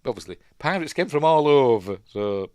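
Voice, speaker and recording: A man's voice: medium pitch, sing-song, normal speed, a little mellow, clean tone, no room sound, clean studio sound. A man with a Yorkshire accent giving casual, rambling commentary on a film as he watches, chatty and prone to tangents. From Yorkshire, England. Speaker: film reviewer, channel host.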